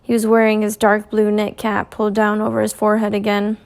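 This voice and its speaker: A woman reading a first-person novel aloud in a measured, clear storytelling manner. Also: mid-range voice, monotone, a little mellow. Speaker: audiobook reader.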